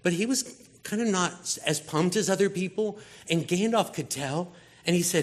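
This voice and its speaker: A man's voice: high voice, moderate pace. A man preaching a sermon in a casual, conversational way, acting out voices as he retells stories. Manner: casual, animated storytelling with acted-out voices. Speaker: pastor.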